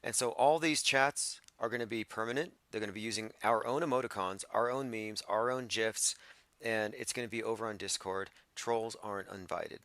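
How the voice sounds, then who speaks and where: A man's voice: lowish voice, moderate pace, fairly bright tone, no room sound. A man hosting a livestream, talking casually in a combative, dismissive rant to his chat. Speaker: livestream host.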